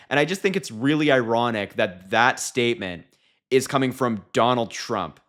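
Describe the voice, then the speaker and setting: A man's voice: mid-range voice, moderate pace, a bit bright. A man giving sarcastic, incredulous political commentary and mocking what he has just played.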